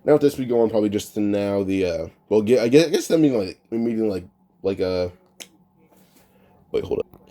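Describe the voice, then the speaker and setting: A man with a very dark, mellow voice improvises a fan storyline in a loose, chatty way. He rambles, restarts his sentences and leans on filler words as he goes. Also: lowish voice, animated, brisk, long pauses. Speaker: anime what-if storyteller. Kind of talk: casual improvised retelling.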